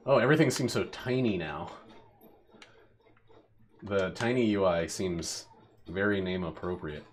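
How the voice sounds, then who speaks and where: A man's voice: sits low, unhurried, slight background noise. A young man streaming a game, rambling and joking profanely as he plays. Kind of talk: casual gameplay commentary.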